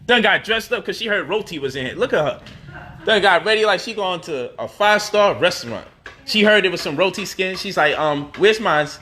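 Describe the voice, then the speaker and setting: A man's voice: high voice, animated, a little fast, pushed and bright. Playful man hosting a home cooking vlog. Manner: playful, coos and teases his baby daughter. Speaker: cooking show host. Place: home kitchen.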